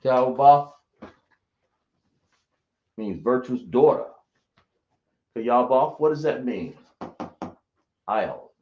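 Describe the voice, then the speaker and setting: A man teaching a class, slowly spelling out sounds and quizzing his students. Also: medium pitch, animated. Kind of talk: classroom lesson. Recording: roomy, dull lo-fi sound.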